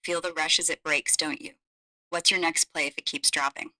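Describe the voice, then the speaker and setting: A woman's voice: sits low, fairly even intonation, normal speed, pushed and bright, pitched below the performer's own voice, low-quality recording. A synthetic female AI voice playing a flirty, seductive female companion who murmurs teasing lines. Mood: sultry, teasing. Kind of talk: AI voice role-play.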